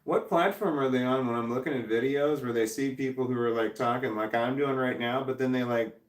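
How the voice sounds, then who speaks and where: An American man hosting a casual livestream, reading viewer comments aloud and rambling, thinking out loud and trailing off. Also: mid-range voice, fairly even intonation, fairly quick, reverberant, distant mic. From United States. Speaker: livestream host.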